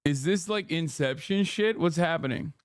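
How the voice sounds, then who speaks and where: A man's voice: a little high, clear, resonant tone, no room sound, studio quality. Brash, profane male streamer. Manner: brash, profane, quick asides. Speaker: livestream host. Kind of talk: casual livestream commentary.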